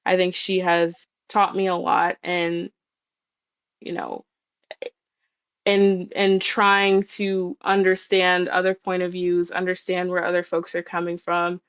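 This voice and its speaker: Earnest woman, halting casual talk. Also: fairly low pitch, completely flat delivery, no echo, muffled recording. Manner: earnest, halting, with many ums and restarts. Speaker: podcast co-host. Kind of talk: casual chat.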